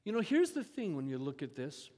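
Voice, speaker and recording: A male pastor preaching a sermon, telling the story with animated asides and acted-out quotes. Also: fairly high pitch, fairly quick. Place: church sanctuary. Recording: church hall reverb.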